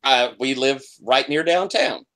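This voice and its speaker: A man's voice: medium pitch, measured pace, a bit bright. A man from South Carolina playing a tabletop game, talking in a friendly, enthusiastic way and often saying "you know". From South Carolina, USA. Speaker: player. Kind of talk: casual chat at a tabletop game.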